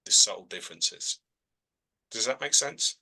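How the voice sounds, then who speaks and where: Over poor audio, a man's mid-range voice carries a bright, forceful tone, lively intonation and a measured pace. He works as a trance medium, teaching casually on a video call and fielding student questions with frequent "all right?" check-ins.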